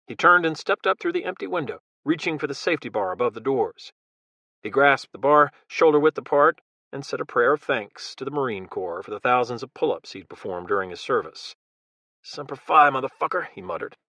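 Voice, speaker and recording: A man narrating an action thriller audiobook in a measured, dramatic storytelling style, recorded on a close studio mic. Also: mid-range voice, pushed and bright, no echo.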